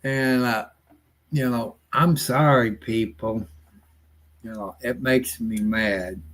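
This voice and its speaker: A man's voice: medium pitch, takes it slowly, fairly bright tone. An older man, chatting casually and rambling on a live stream in a folksy, grumbling way. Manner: folksy, rambling, grumbling, with rural nonstandard grammar. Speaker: livestream host.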